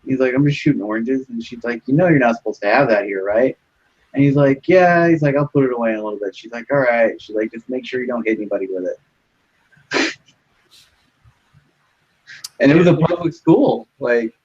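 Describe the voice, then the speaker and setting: A man's voice: medium pitch, a little fast, pauses often, darkish tone, breathy edge, highs cut off. A young man rambling through a story in casual chat, full of fillers and swearing.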